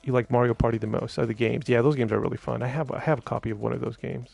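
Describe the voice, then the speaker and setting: A man's voice: medium pitch, steady tone, very fast, creaky, a little mellow, husky, soft background music. A man chatting casually on a live stream, rambling with many fillers and restarts while reading viewer comments.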